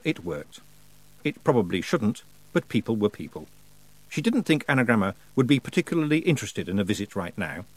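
Expressive male audiobook narrator. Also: on the low side, dry recording, poor audio. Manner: expressive storytelling. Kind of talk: scripted narration.

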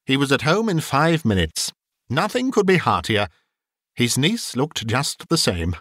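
A man narrating an audiobook in an expressive storytelling manner. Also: medium pitch, unhurried, no echo, clean studio sound. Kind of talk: audiobook reading.

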